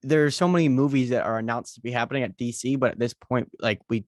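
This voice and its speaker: This podcast co-host talks fast in a medium-pitched voice, chatting casually over a video call. He rambles and hesitates, using many fillers. The recording is dry and has clean studio sound.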